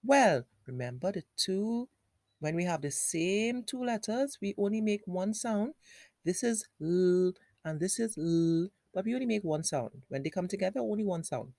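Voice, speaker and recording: A woman's voice: medium pitch, animated, moderate pace, mellow, no room sound, clean studio sound. A woman teaching phonics to young children, patiently repeating sounds and words and asking the child questions.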